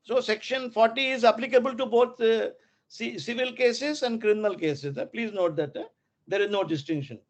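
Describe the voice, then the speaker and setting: High-voiced Indian law professor lecturing. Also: male voice. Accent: Indian English, mixing in Hindi. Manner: deliberate, repeats key terms, tells students to underline.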